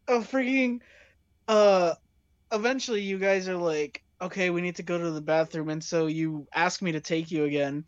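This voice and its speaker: A woman's voice: fairly low pitch, normal speed, dry recording. A young woman telling a funny story in casual chat, laughing often and using lots of fillers. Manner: giggly, storytelling with many fillers. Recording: dull lo-fi dry sound.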